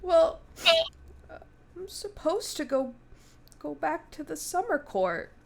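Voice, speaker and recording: A woman's voice: very animated, takes it slowly, vocal fry, darkish tone, exaggerated voice. A woman doing a weepy, gushing fairy dragon knight. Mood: worried. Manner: tearful, gushing, high-pitched.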